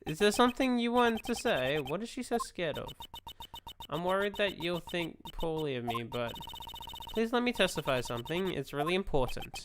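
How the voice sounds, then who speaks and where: A streamer voicing a timid, apologetic young woman who speaks softly and stammers. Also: medium pitch, a little hiss or hum, lightly acted. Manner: hesitant, stammering, soft.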